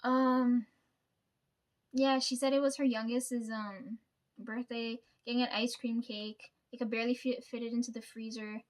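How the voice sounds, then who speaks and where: Woman, high pitch, casual storytime vlogger, chatty and profane, laughs a lot. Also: level tone, a little slow. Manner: laughs often, swears freely, rambling. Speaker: vlogger telling workplace stories.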